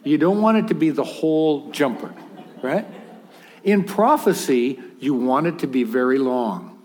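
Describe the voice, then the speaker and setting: A man's voice: medium pitch, animated, measured pace, darkish tone. A man preaching a sermon in a conversational, humorous way, with acted asides.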